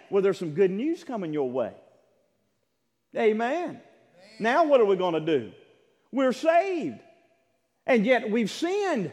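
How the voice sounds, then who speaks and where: A male preacher with a notably high voice delivers a fervent sermon, swinging between hushed earnestness and shouting. He repeats and restarts his phrases and calls on the congregation for amens. His voice carries a long, ringing church reverb. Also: huge pitch swings, slow pace, long pauses. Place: church sanctuary.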